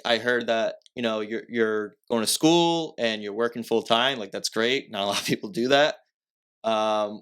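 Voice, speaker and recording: A young man with a slightly low voice tells a personal story as a podcast guest. His talk is casual and rambling, full of filler words, with restarts and self-corrections as he works his way through it. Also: a bit bright. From Massachusetts.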